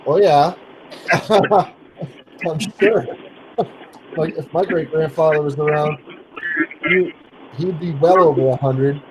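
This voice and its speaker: A man chatting in a slow, rambling way on a livestream, chuckling often. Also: a little high. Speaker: livestream guest. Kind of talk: casual livestream chat. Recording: noisy call audio.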